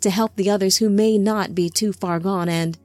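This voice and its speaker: Woman reading remorseful male angelic being, solemn, formal, gentle, mid-pitched. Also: steady tone, no echo, soft background music, lightly acted. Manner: formal, measured.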